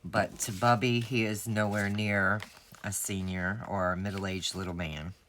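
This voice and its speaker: A woman's voice: extremely low pitch, fairly even intonation, a little slow, a bit bright, a little hiss or hum. A woman, chatting casually to her viewers as she sets up a planner, rambling and friendly. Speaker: planner sticker shop owner. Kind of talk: casual planner setup vlog.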